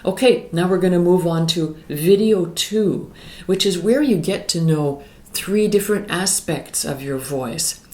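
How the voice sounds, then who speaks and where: A middle-aged woman vocal coach explaining singing warm-ups in a calm, explanatory way. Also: lowish voice, a little slow. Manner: calm, explanatory, breaks into sung exercises. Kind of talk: singing lesson with demonstrations. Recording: echoey room with piano. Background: piano.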